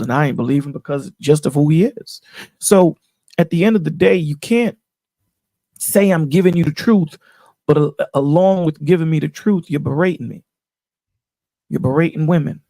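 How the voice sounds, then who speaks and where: A man with a gravelly, husky voice, pitched a little high and dark in tone. He talks in a casual, preachy way and keeps checking in with his listener. The sound is dry and close, like a voice call. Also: fairly quick, no room sound. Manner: preachy, emphatic, repeats "you know what I'm saying". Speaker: channel host on a panel call. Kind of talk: casual chat.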